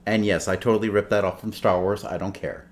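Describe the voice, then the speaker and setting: A man narrating as game master in a relaxed, filler-heavy way. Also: on the low side, brisk. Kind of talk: running a tabletop game.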